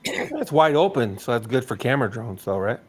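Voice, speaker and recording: A man's voice: mid-range voice, sing-song, fairly quick, slight background noise. A man chatting on a live stream, joking and teasing the host. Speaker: regular guest on a live show. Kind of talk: casual live-stream chat.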